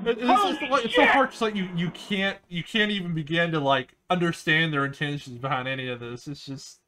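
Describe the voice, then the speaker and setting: A man's voice: a little high, animated, fast, hardly any pauses, pushed and bright, slight background noise. A young man hosting a music reaction video, talking casually in a crude, rambling, joking way. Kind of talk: casual album reaction commentary. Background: album playing in the background.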